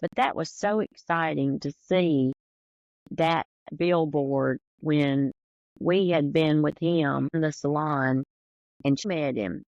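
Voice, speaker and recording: Southern woman co-host, gravelly drawl, dry muffled mic, casual storyteller. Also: low-pitched, takes it slowly, darkish tone, dry recording. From American South. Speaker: podcast co-host, hairstylist. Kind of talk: casual chat.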